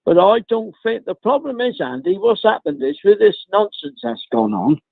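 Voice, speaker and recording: A man calling in to a live stream, rambling with many pauses and calling the host mate. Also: high voice, very animated, vocal fry, no room sound. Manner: rambling, says mate a lot, frequent ums. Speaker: caller. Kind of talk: casual phone chat. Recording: tinny dry phone line.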